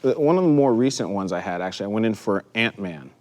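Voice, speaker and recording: A man actor telling an animated, laughing story at a comedy roundtable. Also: lowish voice, quick pace. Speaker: actor guest. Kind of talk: roundtable anecdote.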